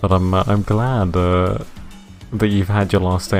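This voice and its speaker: A man streaming a game live, reading its narration in a deadpan way and chatting with viewers. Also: deep voice, a little slow, soft background music.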